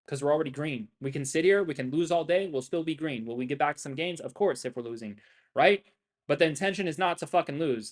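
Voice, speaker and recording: A young man ranting on a trading livestream, brash and boastful, swearing heavily and tagging lines with "right?". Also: on the high side. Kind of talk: profane ranting livestream talk.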